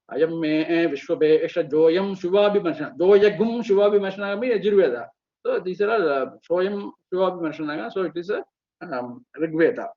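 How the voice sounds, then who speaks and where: A man's voice: high-pitched, breathy edge. A middle-aged man with an Indian accent gives a spoken lecture on chanting rules, hesitating with many fillers and breaking into sample chants. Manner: halting, many fillers, demonstrates chants mid-sentence. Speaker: Vedic chanting teacher. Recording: muffled webinar audio.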